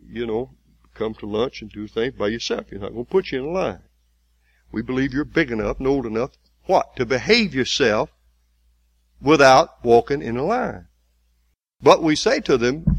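A man preaching a sermon in a folksy way, building to loud, emphatic, slowly repeated lines. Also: mid-range voice, no echo.

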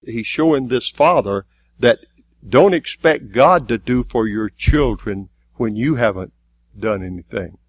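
Slow, emphatic preacher. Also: male voice, mid-range voice, lively intonation, dry recording. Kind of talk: sermon.

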